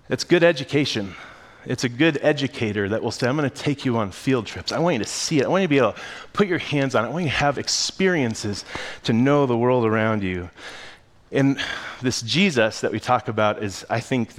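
A man, a pastor and father of three young boys, preaching a sermon in a casual, animated storytelling style. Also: medium pitch.

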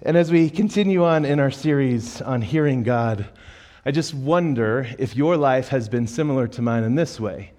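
Animated storytelling pastor, man. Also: mid-range voice, normal speed. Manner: animated, jokey storytelling with acted-out quotes. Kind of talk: sermon with storytelling. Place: church auditorium.

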